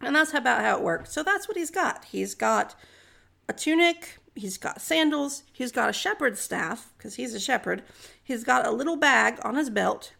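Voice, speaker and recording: A woman's voice: fairly high pitch, creaky, a bit bright. A woman retelling a story in a chatty, jokey, slangy way.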